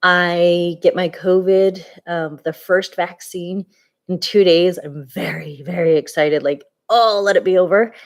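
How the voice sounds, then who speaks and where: A woman's voice: on the low side, steady tone, a little slow. A woman in her forties talking candidly and tiredly in a personal vlog update, rambling with many fillers and restarts. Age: 40s. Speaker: vlogger.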